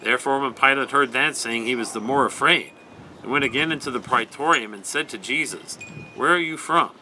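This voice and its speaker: A man leading a night prayer service, giving a measured, even scripture reading. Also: mid-range voice, a little hiss or hum, rough recording.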